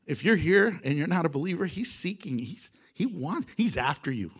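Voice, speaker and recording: A middle-aged man preaching a sermon as pastor, animated, acting out quotes and laughing between points. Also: high-pitched, breathy edge.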